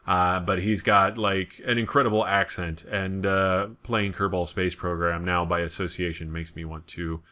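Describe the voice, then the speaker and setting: Low bright-voiced American man playing a game. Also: steady tone, normal speed, hardly any pauses. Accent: General American. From United States. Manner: chatty, rambling, joking asides. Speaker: let's play gamer. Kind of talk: casual gameplay commentary.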